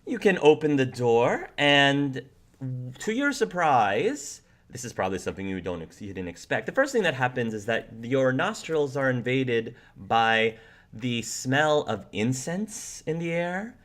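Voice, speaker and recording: A man narrating as game master, describing scenes in a slow, rambling way. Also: medium pitch, sing-song, a bit bright.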